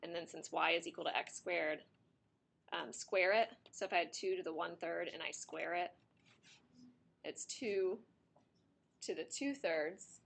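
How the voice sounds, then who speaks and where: A woman's voice: fairly low pitch, measured pace, vocal fry, long pauses. A woman teaching a math class, explaining steps to her students while she is losing her voice and it keeps cracking. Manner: talks through steps at the board, chatty with students.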